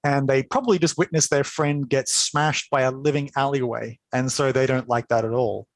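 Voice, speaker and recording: A man's voice: mid-range voice, steady tone, normal speed, dry recording. A man as game master, narrating a tabletop game in an enthusiastic, chatty way, full of fillers.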